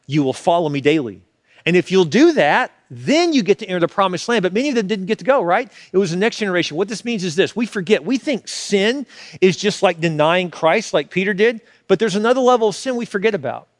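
A man's voice: high-pitched, dry recording, studio quality. A male pastor preaching a passionate sermon and acting out the quoted lines.

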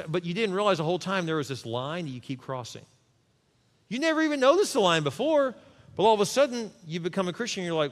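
A man preaching a sermon as pastor, animated and conversational, acting out little quoted voices. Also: high voice, fast talker. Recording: long reverb of a large hall.

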